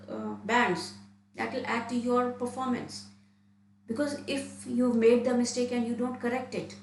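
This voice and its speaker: A woman from India teaches exam speaking tips in a steady middle voice, often restarting and repeating herself as she explains. The room rings with echo and a faint hum sits underneath. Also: mid-range voice. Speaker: IELTS trainer. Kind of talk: online lesson.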